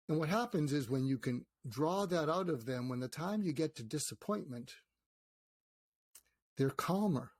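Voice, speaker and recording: Older man, animated storyteller, dry close mic. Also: fairly high pitch, moderate pace, no room sound. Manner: animated storyteller, acts out quoted dialogue. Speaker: guest psychiatrist and author. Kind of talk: conversational interview.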